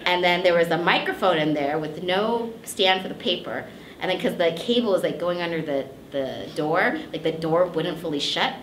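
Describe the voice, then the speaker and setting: Woman, voice actress guest, low-ish, chatty, fillers galore, roomy echo. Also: normal speed, a little hiss or hum. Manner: chatty, many "like" fillers, laughing asides. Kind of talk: casual interview storytelling. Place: convention interview room. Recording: echoey room.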